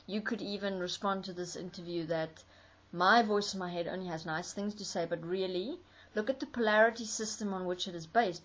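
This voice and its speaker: A woman giving a spoken commentary in an earnest, explanatory way, often building her points as lists. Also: mid-range voice. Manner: earnest, explanatory, with listing rhythms. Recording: dull lo-fi recording.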